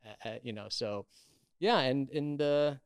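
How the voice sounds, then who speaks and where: An actor, appearing as an interview guest, chats casually and tells stories animatedly with many restarts. His medium-pitched voice is smooth and measured, in clean studio sound with no echo.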